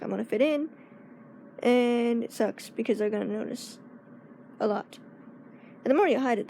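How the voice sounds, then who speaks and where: High-voiced young woman vlogging casually. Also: gravelly, warm tone, slight background noise. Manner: halting, searching for words, laughs often. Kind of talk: casual personal vlog.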